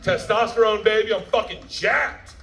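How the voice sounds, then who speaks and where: A creaky, high voice at a moderate pace belongs to a middle-aged comedian telling loud, profane stories live to a premiere crowd. He laughs throughout, and the audio is poor.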